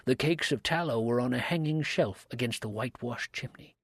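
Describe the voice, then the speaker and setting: A man giving a measured, grave dramatic reading of an old mystery story. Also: medium pitch, slightly rough, no echo, clean studio sound. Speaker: story reader.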